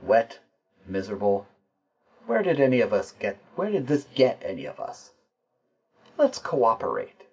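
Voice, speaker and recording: A man's voice: lowish voice, huge pitch swings, a little slow, long pauses, darkish tone, husky, highs cut off, full character voice. A man voicing a cane-wielding male investigator who coaxes and chums up to a captive, calling him chap. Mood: coaxing. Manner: coaxing, chummy, calls others chap.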